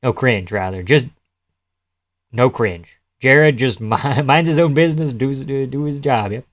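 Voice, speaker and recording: A man's voice: mid-range voice, unhurried. A young man live-streaming casual commentary, laughing often, swearing and answering his chat as he talks.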